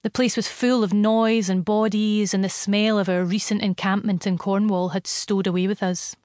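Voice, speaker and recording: A woman narrating a first-person story in a steady, wry manner. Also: medium pitch, normal speed, no room sound, clean studio sound. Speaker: audiobook narrator.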